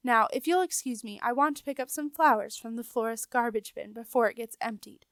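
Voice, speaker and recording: A woman's voice: fairly high pitch, brisk, fairly bright tone, no room sound. A woman voicing a proud male messenger rat who speaks firmly and formally. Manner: firm, dignified, formal.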